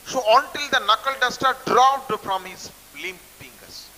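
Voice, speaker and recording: An Indian English man lecturing a class on a story, with a high voice and a very bright, sharp tone. He repeats himself and circles back to define words. The recording carries a long echo and a faint hiss. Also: moderate pace. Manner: repetitive, restarts phrases while explaining word meanings. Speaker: college English teacher. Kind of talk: explaining a textbook story to students.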